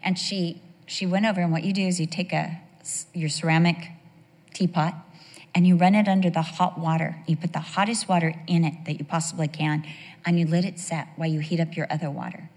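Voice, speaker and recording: A middle-aged woman delivers a sermon in a chatty, storytelling way, often turning to ask her listeners questions. Her voice sits a little low for a woman. The recording carries the long reverb of a large hall. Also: steady tone, a little fast, a little mellow. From United States. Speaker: women's devotional speaker. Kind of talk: sermon with personal stories.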